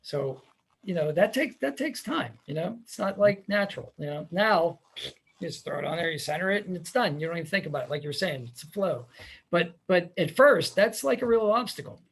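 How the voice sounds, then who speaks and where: A man hosting a podcast, chatting casually and telling animated stories with laughs. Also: sits high, fairly quick, creaky, slightly rough. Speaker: podcast host. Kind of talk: casual conversation.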